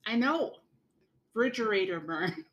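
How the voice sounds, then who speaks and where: Bright, playful woman. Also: measured pace, highs cut off. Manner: playful, emphatic, jumps up in pitch when excited. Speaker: podcast co-host. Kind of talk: casual chat.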